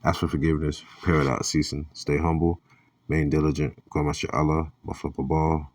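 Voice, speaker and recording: A man giving blunt, profane religious commentary on the news, reading scripture and leaping up in pitch when riled. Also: level tone, brisk. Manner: reads scripture aloud. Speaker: online preacher and commentator.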